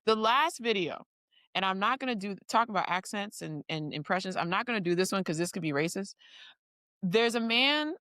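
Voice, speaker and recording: A woman's voice: medium pitch, lively intonation, normal speed, fairly bright tone, dry recording, studio quality. A woman co-hosting a podcast in casual chat, a chatty storyteller who laughs through her stories. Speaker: podcast co-host.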